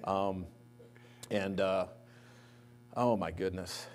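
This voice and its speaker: Recorded with a little hiss or hum, a low-voiced man who draws out his words, likely a pastor, gives a eulogy at a memorial service in a church sanctuary. He shares anecdotes and becomes animated when quoting others.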